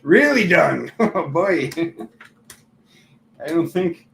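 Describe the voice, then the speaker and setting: Chatty higher-voiced man reading tarot. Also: very animated, very slow, vocal fry, fairly bright tone. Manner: chatty, filler-heavy, laughs at himself. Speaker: tarot reader and channel host. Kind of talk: casual live tarot reading. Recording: echoey room, faint background noise.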